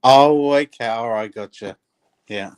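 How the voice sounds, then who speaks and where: A man's voice: medium pitch, a little slow, clean tone. A man joining a livestream by call, mostly giving short, agreeable replies and questions. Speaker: guest on a call. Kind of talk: casual call-in chat.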